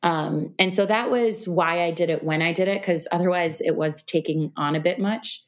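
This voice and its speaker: A woman guest on a podcast, talking in a relaxed, reflective way, with lots of fillers. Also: lowish voice, moderate pace. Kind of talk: casual interview conversation. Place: New York City.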